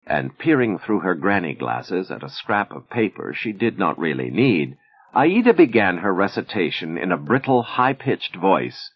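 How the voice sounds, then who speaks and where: A man narrating a novel in an expressive storytelling manner. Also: deep voice, moderate pace, breathy edge, no echo. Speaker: audiobook narrator. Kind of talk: scripted narration. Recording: dull lo-fi recording.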